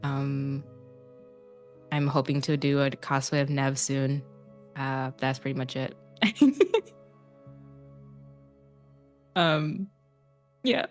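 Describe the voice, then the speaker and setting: A woman player giving a hesitant, halting farewell, close to tears, with many pauses and ums. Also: rumbling low, faint music behind. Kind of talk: emotional outro chat.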